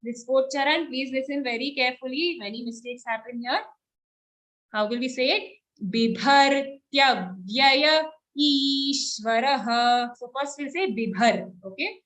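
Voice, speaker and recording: A woman's voice: sits high, brisk, a bit bright, low-quality recording. A woman teaching verse recitation in an online class, patiently repeating syllables and alternating chanting with short explanations.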